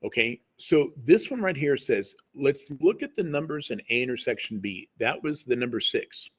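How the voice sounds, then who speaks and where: A man with a husky, slightly breathy voice walks through math problems in a relaxed, conversational tone, checking in with "okay?" as he goes. The audio is dull and lo-fi, like a home screen recording. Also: medium pitch, moderate pace. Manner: conversational, says "y'all" and "okay?" often. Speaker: math teacher.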